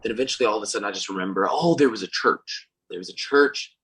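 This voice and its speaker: A man's voice: fairly low pitch, fast, slight background noise, rough recording. A young man telling a story in casual chat, acting out other people's lines. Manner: animated, acts out quoted voices. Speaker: podcast guest and singer.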